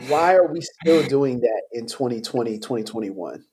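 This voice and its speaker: A man's voice: mid-range voice, lively intonation, moderate pace, a little mellow. A man hosting a podcast interview, talking reflectively in a casual way, thinking aloud and trailing off into questions. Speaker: podcast host.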